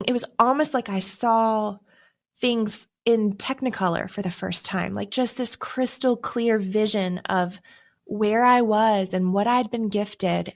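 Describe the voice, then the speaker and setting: Young adult woman, podcast guest, mid-range voice, heartfelt and animated testimony telling. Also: medium pitch. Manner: emotional, animated storytelling with surging emphasis. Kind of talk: personal testimony storytelling.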